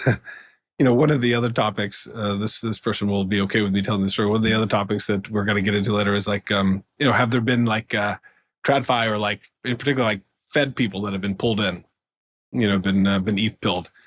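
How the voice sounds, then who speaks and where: A man's voice: fairly low pitch, fairly even intonation, a little fast, fairly bright tone, dry recording. A man guesting on a podcast, chatting casually with frequent fillers, restarts and laughs mid-sentence. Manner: rambling, full of fillers and restarts. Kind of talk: casual storytelling.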